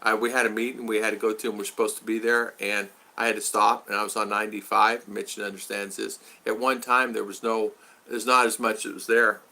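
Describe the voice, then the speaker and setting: A man from the United States talks casually on a home livestream. His voice is bright and forceful. He greets viewers by name and tells rambling stories. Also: lowish voice, little pitch movement, brisk, gravelly. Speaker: vlogger hosting a livestream. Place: home in the Philippines.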